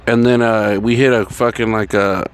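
A man's voice: on the low side, steady tone, moderate pace, smooth. A young adult man telling a story casually and profanely, rambling and acting out the dialogue.

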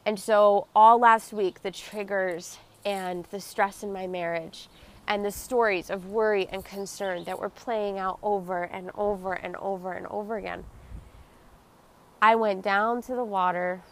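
A woman hosting her own podcast, speaking in an earnest, confessional and emotionally open way, dropping soft and close at tender moments. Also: medium pitch, steady tone, unhurried. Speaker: podcast host. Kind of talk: personal reflective monologue.

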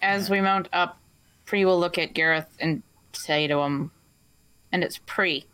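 A player in a tabletop game describes her character's actions with wry understatement. The voice is bright and sharp, in a dry, close recording. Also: medium pitch, measured pace, clean tone, no echo, low-quality recording. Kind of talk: tabletop role-play.

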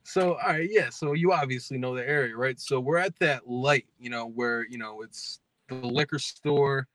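Bright-voiced young man telling stories. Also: medium pitch, moderate pace. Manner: laughing, profane storytelling. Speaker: podcast host. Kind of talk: casual chat.

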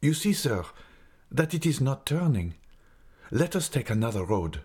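A man's voice: medium pitch, very animated, a little slow, a little mellow, slightly rough, voice pushed up. A man voicing an impatient, anxious young male nobleman who asks urgent, pleading questions.

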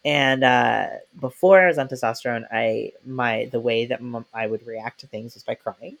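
Young man, podcast host, gravelly fry, relaxed chatty talk, laughs often. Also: medium pitch, normal speed. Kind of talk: casual conversation.

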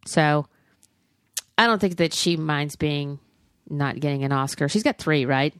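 A woman's voice: low voice, measured pace, fairly bright tone, clean tone, no room sound, clean studio sound. A middle-aged woman in casual chat, giving candid, profane opinions on films with frequent restarts. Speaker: podcast co-host reviewing films.

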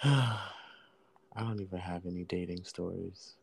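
A man's voice: low voice, a little slow, vocal fry, slightly rough. A man co-hosting a casual podcast, laid-back, laughing along with and echoing his co-host. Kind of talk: casual chat.

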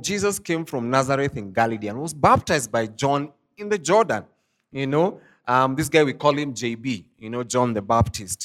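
A man preaching an online sermon, who reads scripture aloud slowly and talks to his listeners in a loose, conversational way full of "you know" and "I mean". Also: mid-range voice, fairly bright tone. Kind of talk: online sermon, Bible teaching.

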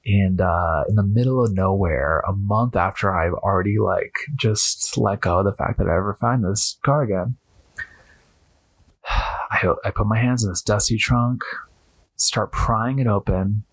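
A man hosting a podcast, telling a story in an animated way, acting out what people said and filling his talk with "like". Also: on the low side, measured pace, husky, no echo. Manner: animated, acts out quotes, heavy use of "like". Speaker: podcast host. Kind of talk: storytelling monologue.

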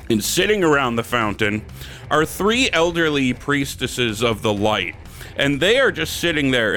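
A man's voice: on the high side, bright, forceful tone. A man from Wisconsin co-hosting a podcast and telling crude gaming jokes, now and then putting on silly voices. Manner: crude joke-teller, slips into silly character voices. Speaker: podcast co-host. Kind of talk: casual joke-telling chat.

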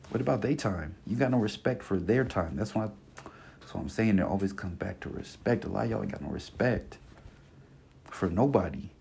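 A man's voice: on the low side, creaky, warm tone, a little hiss or hum. A man in his twenties giving a blunt, passionate solo podcast rant, full of slang and cursing, circling back and repeating his points. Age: 20s. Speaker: podcast host. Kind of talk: casual monologue rant.

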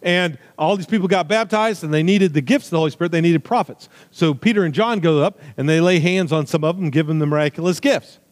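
A man preaching a sermon with emphatic, swinging delivery, loud high stresses falling to quiet low asides, with jokey remarks. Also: fast, hardly any pauses. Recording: long hall reverb.

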